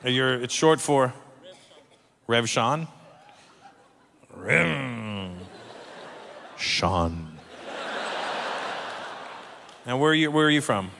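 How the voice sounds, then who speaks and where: A man's voice: mid-range voice, expressive, extremely slow, creaky, pauses often. A man doing brash stand-up comedy and teasing audience members in a large live venue. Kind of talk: stand-up comedy and crowd work. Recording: live show with loud crowd laughter and noise.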